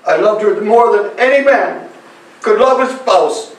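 A man playing a melodramatic, lovesick Spanish gentleman with a Spanish accent in an amateur stage comedy, speaking theatrically. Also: high voice, a little slow. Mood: mock-tragic. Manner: theatrical, lingering sighs and flirty asides. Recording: echoey hall, stage mic far off.

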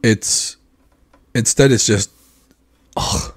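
Husky-voiced American man chatting. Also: mid-range voice, moderate pace. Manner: animated storyteller, acts out others' reactions. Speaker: podcast co-host. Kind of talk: casual chat.

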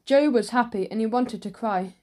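A woman narrating a children's audiobook with lively storytelling. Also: on the high side, normal speed. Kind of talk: scripted narration.

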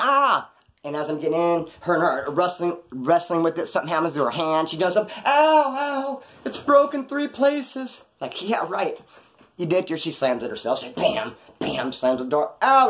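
Guy rambling thru a story real fast, slangy, kinda high voice. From California, USA. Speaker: storyteller recounting his past. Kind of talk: casual storytelling on a live stream.

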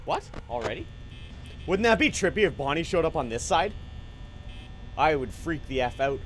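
A young man playing a horror game and commenting, excitable, swearing at it, yelping and trash-talking. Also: a little high, measured pace, long pauses. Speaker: gaming YouTuber. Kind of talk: let's play commentary. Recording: game music loud behind voice. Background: game music.

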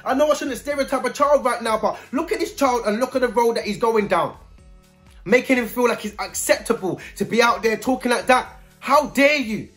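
A man's voice: very high-pitched, fairly quick, fairly bright tone, faint music behind. A man giving a blunt, scolding video commentary full of street slang.

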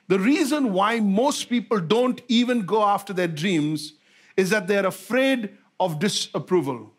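High-voiced preaching man. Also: husky. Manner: repetitive, rhetorical questions to the congregation. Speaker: pastor. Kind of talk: sermon.

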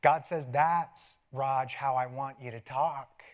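A middle-aged man preaching a sermon as pastor, telling stories with laughs and dropping to soft asides. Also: medium pitch, takes it slowly. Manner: animated storytelling with laughs and sudden soft asides. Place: church sanctuary.

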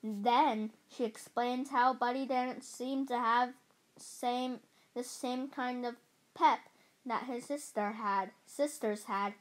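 A woman reading a children's book aloud in a halting way, often correcting herself. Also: on the high side, steady tone. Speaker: storybook reader.

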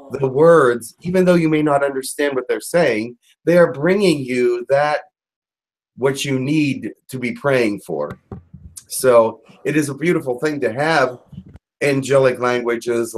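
A man, a channeler, chatting casually in a gentle, reassuring way with small hesitations. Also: mid-range voice, low-quality recording. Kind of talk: casual chat.

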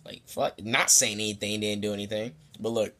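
A young man telling a comedic story to the camera in a casual, profane, rambling way, sometimes jumping into high squeaky voices for the people in it. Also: little pitch movement, fairly quick, sharp tone. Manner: profane, rambling asides to the viewer. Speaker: storytime vlogger.

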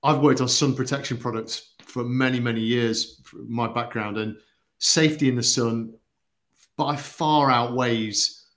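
A man's voice: mid-range voice, fairly even intonation, a bit bright. Earnest man explaining products. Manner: earnest, explanatory, pauses with fillers. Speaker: product expert on a company livestream. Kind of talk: casual livestream chat.

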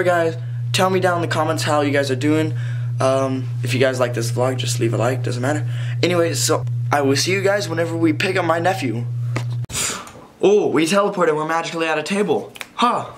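A man's voice: a little high, brisk, background noise. A teenage male vlogger chatting casually to a handheld camera, rambling and circling back with "anyways" between thoughts. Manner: rambling, keeps saying "anyways". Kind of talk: casual vlog chat to camera. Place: partly outdoors in wind.

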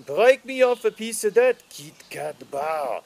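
A man doing a high, lively cartoon Frenchman. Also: unhurried, gravelly, heavily acted. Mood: playful. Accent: put-on cartoon French. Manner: silly, exaggerated, theatrical. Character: excitable cartoonish Frenchman with a mustache. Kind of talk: comedic sketch vlog. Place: outdoors on grass.

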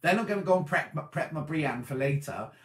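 Brisk and lively in intonation, a tired man hosts a laid-back live-stream chat, reading viewers' comments out and answering them at rambling length. His fairly high voice has a fairly bright tone, and the space is reverberant.

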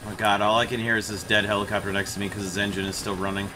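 A man hosting a gaming channel, explaining his match in a relaxed way and then calling out targets to his squad. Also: lowish voice, very fast, noisy background. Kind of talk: gameplay commentary and squad voice chat.

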